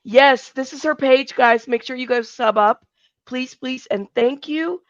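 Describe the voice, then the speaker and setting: A woman in her thirties hosting a livestream, chatting with her guest in a lively, enthusiastic way. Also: sits high, a little slow, no room sound, lo-fi sound. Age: 30s. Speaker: livestream host. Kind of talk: casual livestream chat.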